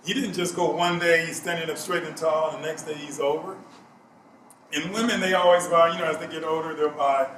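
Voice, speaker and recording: A man's voice: a little high, steady tone, a little fast, fairly bright tone, slight background noise. A middle-aged man giving a health talk, emphatic and repeating his key points. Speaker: health speaker. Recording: echoey room, mic at a distance.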